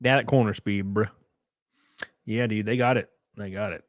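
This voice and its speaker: A man's voice: on the low side, fairly even intonation, normal speed, no echo, studio quality. A man streaming casually, reading viewer comments and effusively thanking them in a loose, profane way. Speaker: streamer and race car driver.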